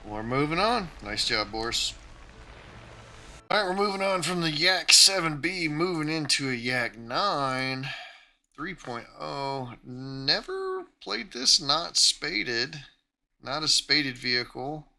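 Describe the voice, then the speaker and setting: A man's voice: a little high, very animated, takes it slowly, gravelly, pushed and bright, rough recording. A man hosting his own gaming channel, giving a casual, tactical play-by-play of his flight game as he plays.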